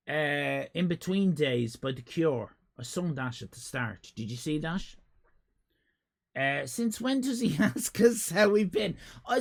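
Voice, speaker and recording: An Irishman with a slightly high, fairly bright voice and vocal fry chats casually with his live-stream audience. He rambles and jokes, calling out viewers in the chat by name.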